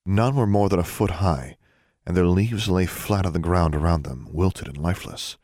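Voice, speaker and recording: Deep-voiced man reading a fantasy story. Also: dry recording, studio quality. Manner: slow, measured, expressive reading. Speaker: audiobook narrator. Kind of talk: scripted narration.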